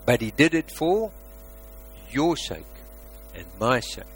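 A man preaching a sermon as a pastor, asking rhetorical questions and swinging between loud emphasis and quiet asides. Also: medium pitch, very animated, slow, a little hiss or hum, rough recording.

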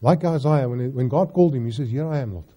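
A middle-aged man with a South African accent preaching a sermon, slipping Afrikaans phrases into his English and swinging between loud scripture reading and hushed pleading. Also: medium pitch, fast talker. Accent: South African English, Afrikaans-inflected.

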